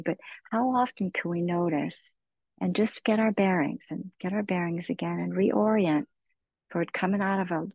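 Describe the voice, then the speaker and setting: A middle-aged woman leads a meditation lesson in a slow, soothing, gently encouraging way. Her voice sits a bit low and comes out husky, with a gravelly edge. The sound is dry and close. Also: no room sound, low-quality recording. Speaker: meditation teacher. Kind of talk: guided meditation talk.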